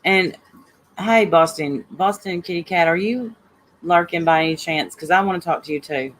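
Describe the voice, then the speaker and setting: In a voice on the low side at a moderate pace, a woman runs a casual livestream, reading chat, naming viewers in greeting and venting bluntly and heatedly about online drama. The recording is low quality.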